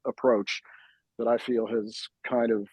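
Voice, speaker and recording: A man's voice: mid-range voice, flat delivery, unhurried, darkish tone, breathy edge, no echo, rough recording. A male drummer recalling old lessons in casual chat, rambling with lots of fillers and restarts. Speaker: drummer and host.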